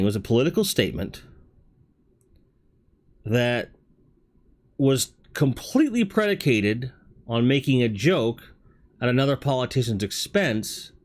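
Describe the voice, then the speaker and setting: A man hosting a livestream talk show, speaking candidly in a rambling way and swearing casually. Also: medium pitch. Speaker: host.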